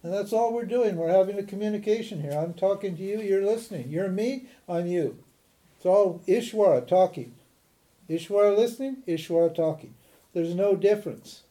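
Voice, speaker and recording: At normal speed and with a voice that sits high, this spiritual teacher runs a casual class. Animated and talkative, he laughs often and tends to restart what he's saying.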